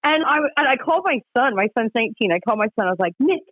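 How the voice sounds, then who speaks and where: Utah lady in her 40s, chatty and animated, slightly muffled dry podcast audio. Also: fairly high pitch, rapid-fire, dry recording. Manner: animated, laughing storyteller. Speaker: podcast guest, harm reduction director. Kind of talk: casual storytelling chat.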